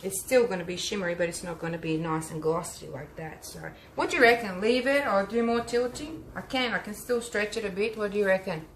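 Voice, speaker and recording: An Australian woman talks her viewers through her painting in an easy, chatty way, as if hosting a live stream. Her voice sits at an ordinary middle pitch. The room gives it a noticeable echo, with a faint hum underneath. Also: fairly quick, few pauses. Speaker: art teacher and vlogger. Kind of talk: casual live-stream chat while painting.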